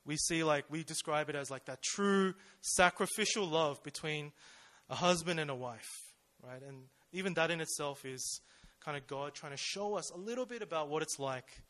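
A man's voice: fairly high pitch, normal speed, hardly any pauses, fairly bright tone. A young man speaking at church in a casual, conversational sermon, full of fillers and questions to his listeners. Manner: informal, with many fillers and rhetorical questions.

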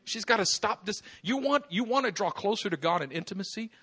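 A man preaching a sermon as pastor, acting out little dialogues with laughter and sudden shouts. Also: high-pitched, expressive, a little fast, slightly rough. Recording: live church service.

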